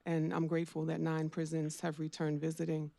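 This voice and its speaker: A woman's voice: sits low, completely flat delivery, fairly quick, creaky, mellow, dry recording. A woman speaking on a conference panel, earnest and conversational with informal phrasing.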